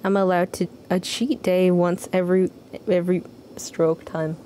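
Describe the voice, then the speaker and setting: A woman's voice: fairly low pitch, flat delivery, normal speed, dark tone, slight background noise, close to an everyday voice. A woman voicing a quirky, theatrical male traveling doctor with a sing-song lilt for a video game. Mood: playful.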